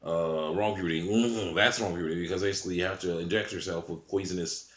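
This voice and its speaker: Low-voiced man rambling in an echoey room. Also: fairly even intonation, fast talker, fairly bright tone. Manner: rambling, chuckles often between sentences. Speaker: channel host. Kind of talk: casual monologue to camera. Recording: roomy echo.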